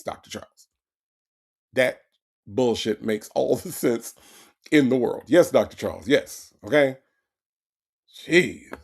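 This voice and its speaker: A man riffs sarcastically on a true-crime story. His voice is gravelly, with a mid-range pitch. He curses freely and hammers the same line over and over. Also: a little mellow. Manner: sarcastic, profane, repeats his points. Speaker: podcast host. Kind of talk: true-crime comedy commentary.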